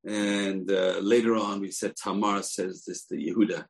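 A man teaching the weekly Torah portion in a low, gravelly voice. He tells the story with energy, acts out each quote, and often stops on a filler. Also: fairly even intonation, normal speed, few pauses.

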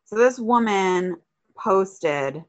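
A woman's voice: mid-range voice, lively intonation, very slow, highs cut off. A woman chatting casually, telling a story in an exasperated, sarcastic way. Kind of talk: casual chat.

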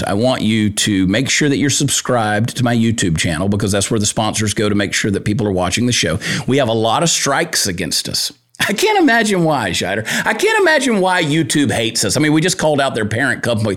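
Male comic-host, worked up and crude, very animated pitch. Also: brisk. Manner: riled-up, crude, joking rant. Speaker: podcast host and comedian. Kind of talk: casual opinion talk show.

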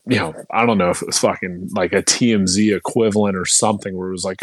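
Lower-pitched male co-host, dry close sound, loose rambling chat. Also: steady tone, a little fast, hardly any pauses, no echo. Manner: rambling, hedging with "like" and "you know". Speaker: podcast co-host. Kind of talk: casual podcast chat.

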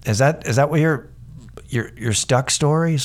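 A man's voice: mid-range voice, moderate pace. A man hosting a podcast, ranting sarcastically in a casual, profane, rambling monologue full of restarts. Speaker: podcast host.

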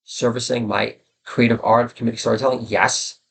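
A man in his forties with a gravelly, creaky voice and a middling pitch hosts a solo podcast. He wanders from story to story with crude jokes and self-deprecating asides. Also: flat delivery, a little fast. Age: 40s. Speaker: podcast host and comedy writer. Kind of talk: rambling solo podcast monologue.

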